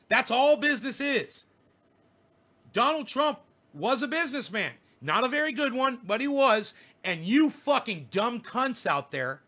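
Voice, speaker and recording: A man's voice: sits high, pushed and bright, breathy edge. Angry, profane man ranting. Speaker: streamer. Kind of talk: ranting livestream monologue.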